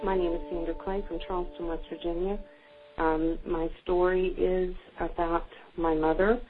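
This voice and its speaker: An older woman reading her own story about her mother aloud, gentle and unhurried, with a few fillers. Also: lowish voice, level tone, music in the background. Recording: narrow phone-like sound.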